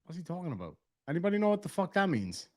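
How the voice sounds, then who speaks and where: An Irish man with a high voice, very animated and very fast, reacts to a livestream as a streamer. His casual commentary is full of stories packed with swearing, and he laughs through them.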